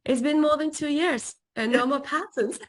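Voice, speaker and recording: A woman coach recounting a personal story to an interviewer with expressive, emphatic repetition. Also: sits high. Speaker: guest relationship coach.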